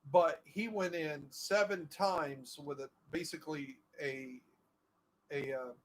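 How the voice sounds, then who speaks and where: A man's voice: on the high side, steady tone, slow pace, a little hiss or hum, rough recording. A middle-aged man chatting casually while playing a game, telling a long story with many fillers and restarts. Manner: rambling, full of fillers and restarts. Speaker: gaming streamer.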